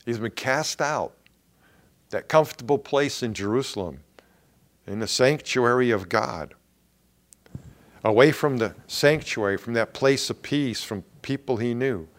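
A middle-aged pastor delivers a sermon at an unhurried, deliberate pace. His pitch swings widely as he presses each point home, and he pauses dramatically for emphasis. His tone stays earnest throughout. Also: expressive.

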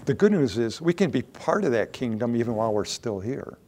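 Lively-voiced man preaching a sermon. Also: mid-range voice, brisk. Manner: conversational, rising to emphatic when quoting.

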